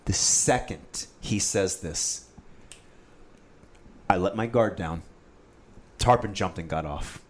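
Male podcast host, casual storyteller, animated, mid-pitched. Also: takes it slowly, pauses often, a little hiss or hum. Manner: animated storyteller, acts out quotes, says "dude" often.

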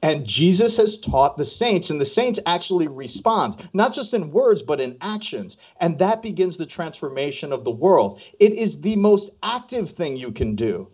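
A man's voice: a little high, sing-song, normal speed, few pauses, a little mellow, breathy edge. A man casually telling a story on a podcast as a co-host, acting out the voices of people he quotes. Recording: dull lo-fi podcast audio.

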